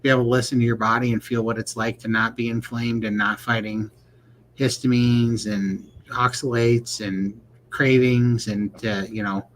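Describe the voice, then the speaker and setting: A man's voice: mid-range voice, little pitch movement, normal speed, slight background noise, rough recording. Folksy joking man on a livestream. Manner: folksy and joking, reads viewer questions aloud. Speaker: podcast co-host. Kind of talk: casual livestream chat.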